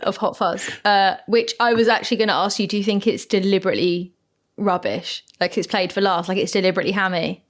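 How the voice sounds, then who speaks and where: A woman's voice: medium pitch, steady tone, quick pace. A young woman co-hosting a podcast, chatting casually about films with teasing, playful asides. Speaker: podcast co-host. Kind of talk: casual film chat.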